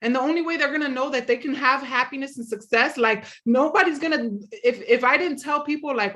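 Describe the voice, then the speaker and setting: A woman's voice: high voice, a little fast, sharp tone. A woman hosting a casual motivational talk, earnestly encouraging listeners directly. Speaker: podcast host.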